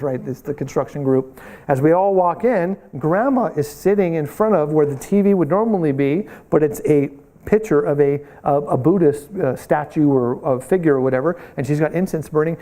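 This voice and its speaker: A man teaching a missions class, telling animated stories and acting out the voices of the people in them. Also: fairly high pitch. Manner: animated storytelling, acts out voices in quotes.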